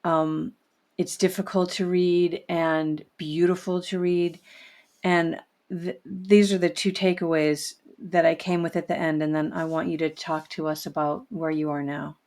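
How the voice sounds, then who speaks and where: A woman's voice: on the low side, little pitch movement, unhurried, a little mellow. A woman hosting an interview, praising her guest effusively and repeating herself for emphasis. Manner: effusive, full of praise and repetition. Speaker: podcast host.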